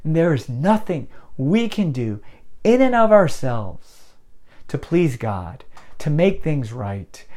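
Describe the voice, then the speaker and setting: Animated storytelling male pastor. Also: on the high side, slow pace. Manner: conversational, dramatic storytelling with many restarts. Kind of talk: sermon.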